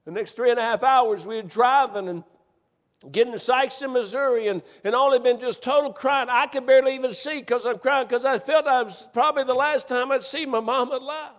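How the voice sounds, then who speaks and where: A man's voice: extremely high pitch, a little fast. A man preaching, telling a personal story in a folksy, emphatic way with many restarts, in a church. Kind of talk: storytelling sermon. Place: church sanctuary. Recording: church hall reverb.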